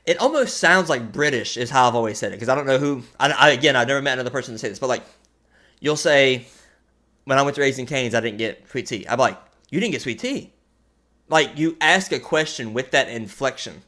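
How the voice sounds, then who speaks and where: A young man co-hosting a podcast in casual chat, talking in halting bursts with lots of restarts and easy laughter. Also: medium pitch, sharp tone. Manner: halting, many restarts and fillers, laughs easily. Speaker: podcast co-host.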